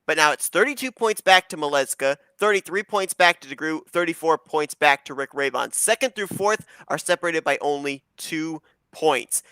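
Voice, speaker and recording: Bright, polished male race commentator. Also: fairly high pitch, brisk, smooth, no room sound. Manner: polished, upbeat broadcaster delivery. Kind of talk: play-by-play commentary.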